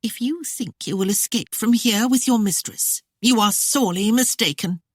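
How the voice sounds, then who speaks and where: An audiobook narrator voicing a sharp-tongued, scheming young woman who snaps back with shrill indignation. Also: moderate pace, no room sound, studio quality, natural voice. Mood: spiteful. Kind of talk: audiobook character voice.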